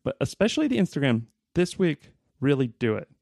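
A man's voice: a little high, sing-song, brisk, vocal fry, a little mellow, no echo, clean studio sound. A man co-hosting a casual podcast, chatting playfully and reading aloud from a book. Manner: playful, puts on voices when reading quotes. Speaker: podcast co-host.

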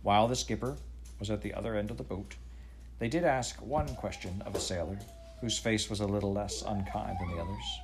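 Low-voiced man reading a story. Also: huge pitch swings, noisy background. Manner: measured storytelling. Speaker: narrator. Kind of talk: audiobook reading.

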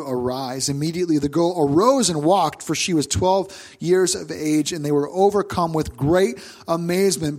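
A middle-aged man preaching a sermon as pastor, telling the story with animation and loudly acting out the voices he quotes. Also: a little high.

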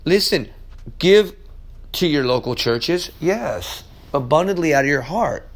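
A man with a high-pitched voice preaches a verse-by-verse sermon podcast. He is emphatic and insistent, and often trips over restarts and repeated words. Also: lively intonation, a little slow.

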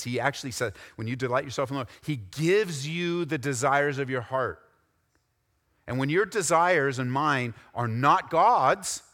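A man preaching a sermon, swinging from loud, rising exhortation to low, quiet intensity. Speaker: pastor. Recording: long hall reverb.

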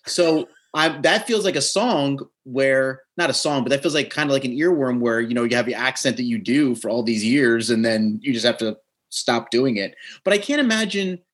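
A man from New Jersey co-hosts a casual podcast, and his pitch swings widely as he tells playful stories. His voice has a husky, slightly rough edge. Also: normal speed. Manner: playful, animated storytelling with laughs. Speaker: podcast co-host.

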